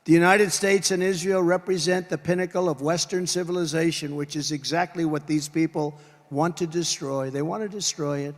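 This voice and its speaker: A man's voice: fairly high pitch, steady tone, moderate pace. An older man giving an emphatic campaign rally speech, hammering home points in punchy repeated lists. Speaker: political candidate at a rally. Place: large rally venue. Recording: long reverb from a large venue.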